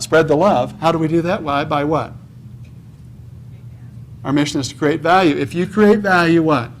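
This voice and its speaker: A man's voice: a little high, slight background noise. A man speaking at a real estate conference in a preachy seminar manner, asking the audience questions, answering them himself and often checking with "okay?". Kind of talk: motivational seminar talk. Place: conference hall.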